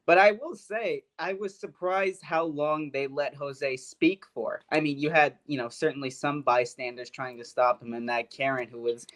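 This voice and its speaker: A man's voice: a little high, fairly even intonation, moderate pace, hardly any pauses, fairly bright tone. A man guesting on a talk show, recounting an event in a chatty, casual way. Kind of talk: casual remote interview.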